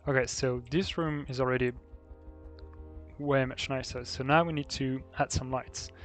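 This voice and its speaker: A man's voice: medium pitch, fairly even intonation, normal speed, fairly bright tone, soft background music. A man with a French accent, a native French speaker, chatting casually as a live streamer while he builds in a game, thinking aloud with many hesitations. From France.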